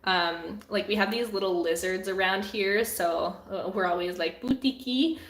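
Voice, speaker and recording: A woman's voice: medium pitch, steady tone, moderate pace, fairly bright tone, echoey room. Chatty laughing woman. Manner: chatty, laughs often, many "like" fillers. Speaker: painter hosting a live Q&A stream. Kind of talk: casual live-stream chat. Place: home studio room.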